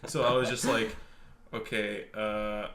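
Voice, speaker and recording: A man's voice: on the low side, flat delivery, a little slow, fairly bright tone. A young man co-hosting a podcast, telling a rambling, laid-back, crude story in casual chat. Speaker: podcast co-host.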